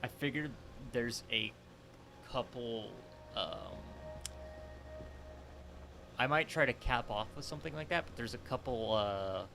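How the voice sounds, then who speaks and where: A man's voice: mid-range voice, a little slow, pauses often, background noise. Rambling man hosting a game playthrough. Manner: rambling, self-mocking. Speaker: let's play host. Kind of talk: casual gameplay chat. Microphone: headset.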